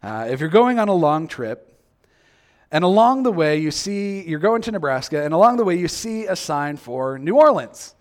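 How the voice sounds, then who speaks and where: A man's voice: fairly high pitch, big pitch swings, normal speed. A male preacher giving a sermon, acting out quoted reactions and asking the listeners many questions.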